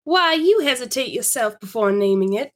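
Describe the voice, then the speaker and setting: Woman reading high, prim Victorian girl, breathless confiding storyteller. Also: expressive, normal speed, lightly acted. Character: prim Victorian young woman telling a secret.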